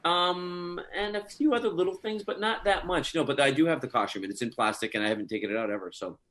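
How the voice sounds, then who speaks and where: A man's voice: a little high, fast, fairly bright tone. A man being interviewed as an actor guest, telling stories in a chatty way with many fillers and frequent laughter. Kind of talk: casual interview chat.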